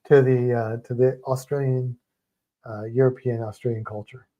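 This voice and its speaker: A man co-hosting a livestream, chatting casually with viewers in a rambling, animated way and often breaking off mid-sentence. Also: medium pitch, normal speed, highs cut off. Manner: rambling, self-interrupting, animated storytelling. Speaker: livestream co-host.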